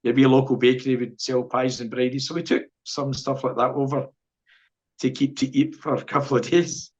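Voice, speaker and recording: A middle-aged Scottish man recounts an old story as a podcast guest, rambling and laughing softly between thoughts. His voice stays fairly even in pitch. The audio is a little dull and lo-fi. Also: normal speed. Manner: rambling storyteller, chuckles often. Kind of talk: casual anecdote telling.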